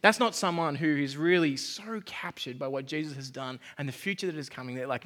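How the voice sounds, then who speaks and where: A male pastor preaches in a chatty, self-deprecating sermon style. His voice sits high and sounds bright and lively. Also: moderate pace, few pauses. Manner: conversational, self-deprecating preaching with acted asides.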